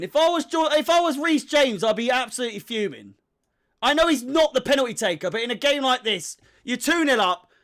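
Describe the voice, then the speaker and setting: A man's voice: very high-pitched, a bit bright. A young man giving casual live commentary on a football match as a fan, swearing freely and sounding exasperated.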